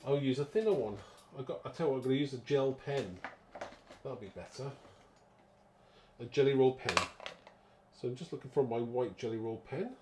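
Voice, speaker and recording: A man's voice: medium pitch, normal speed, pauses often, background noise. Chatty man demonstrating card making. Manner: chatty, rambling, thinks aloud; self-mocking, laughs at own muddle. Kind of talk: live craft demo.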